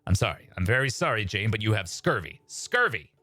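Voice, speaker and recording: Man playing a mellow-voiced radio host, smooth and measured, low-pitched. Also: no room sound. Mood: exasperated. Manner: smooth public-radio narrator delivery. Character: calm late-night radio host, exasperated man.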